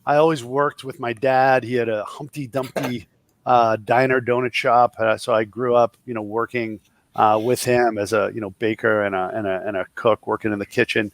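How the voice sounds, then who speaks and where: In a relaxed interview, a fifty-something entrepreneur from the Boston area tells jokey stories in his Boston accent, quoting others in their own voices. He has a mid-range voice, a moderate pace and fairly even intonation.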